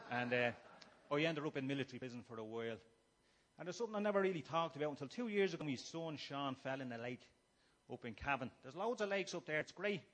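A middle-aged Irish man giving a humorous personal testimony to a gathering, shifting between quiet musing and loud, acted-out shouting. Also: medium pitch. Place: room before a live gathering.

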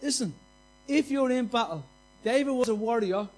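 Male preacher, very high voice, passionate and repetitive, folksy anecdotes from the pulpit. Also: lively intonation, normal speed, darkish tone. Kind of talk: sermon.

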